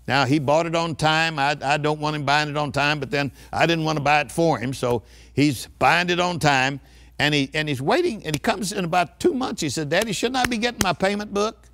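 Older man, preacher, emphatic sermon delivery, call-and-response, slightly high voice. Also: moderate pace, a bit bright.

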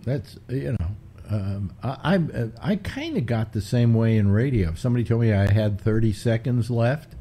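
A man's voice: medium pitch, lively intonation, moderate pace, warm tone. An older man hosting a casual chat, rambling through stories with many restarts. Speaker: host.

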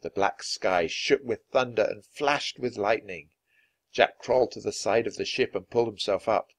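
A man reading a children's adventure book aloud, expressive and dramatic. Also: on the low side, normal speed. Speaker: storyteller.

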